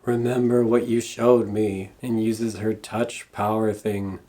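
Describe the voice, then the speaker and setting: A man's voice: on the low side, little pitch movement, slow pace, dark tone. A man recapping a horror film scene by scene in a dry, sarcastic comedic review. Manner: dry, sarcastic plot retelling. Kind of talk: comedic movie recap narration.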